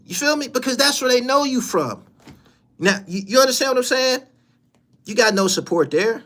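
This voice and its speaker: A man hosting a podcast in a heated, profane rant, mocking his target and repeating lines for emphasis. He jumps from loud, high outbursts to low, muttered asides. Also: animated, moderate pace. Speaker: podcast host.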